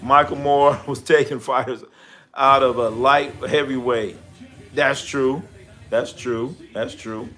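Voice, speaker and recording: A man hosting a live sports stream, chatting casually and profanely, telling stories and reading out chat names. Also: mid-range voice. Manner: animated when acting out stories. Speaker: livestream sports host. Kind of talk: casual live commentary and storytelling.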